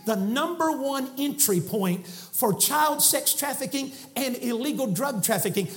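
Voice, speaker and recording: Fiery high-voiced Southern preacher. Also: male voice, animated, moderate pace, few pauses. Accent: Southern American. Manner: fiery, shouting preacher with sudden soft drops. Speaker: guest preacher. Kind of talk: impassioned sermon. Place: church sanctuary.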